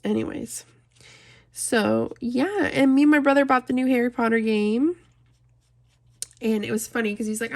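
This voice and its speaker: A woman's voice: fairly high pitch, steady tone, normal speed, pauses often. A young adult woman talking casually and from the heart to her viewers while she colors, rambling from one story to the next. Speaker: coloring channel host.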